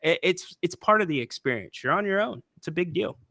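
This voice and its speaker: A man's voice: high voice, animated, brisk, gravelly, pushed and bright, no echo, clean studio sound. A man co-hosting a podcast in casual chat, upbeat with playful asides. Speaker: podcast co-host.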